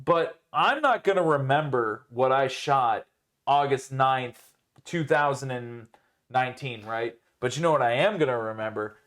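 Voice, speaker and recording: A man's voice: medium pitch, a bit bright. A young man co-hosting a podcast, telling rambling, profane stories in casual chat and leaning on filler words.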